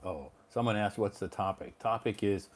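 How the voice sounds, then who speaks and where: A man hosting a live online English pronunciation lesson, talking in a relaxed, chatty way and reading out viewers' answers. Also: on the low side, moderate pace.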